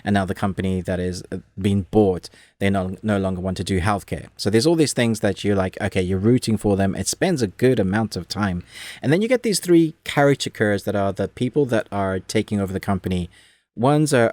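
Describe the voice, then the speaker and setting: A man co-hosting a casual movie review chat, talking in a rambling, animated way full of restarts. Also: fairly low pitch, fairly quick, dry recording. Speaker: podcast co-host.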